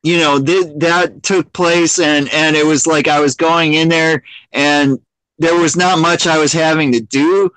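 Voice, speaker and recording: A man in casual livestream chat, rambling and restarting his sentences often. His voice sits a little high. The sound is dry and close, with no room around it. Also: steady tone, unhurried, fairly bright tone, clear, resonant tone, dry recording, poor audio.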